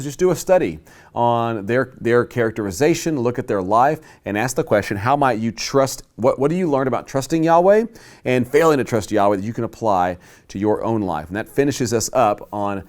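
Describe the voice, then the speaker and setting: A man teaching a Bible class to a live group, emphatic and slowing down to stress key words. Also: mid-range voice.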